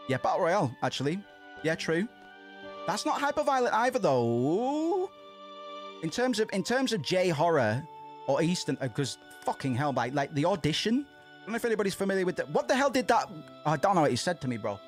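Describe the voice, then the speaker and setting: A man's voice: sits high, sing-song, fairly quick, faint music behind. A man streaming a game, chatting in casual let's-play commentary, rambling with frequent restarts and casual swearing. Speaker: gaming streamer.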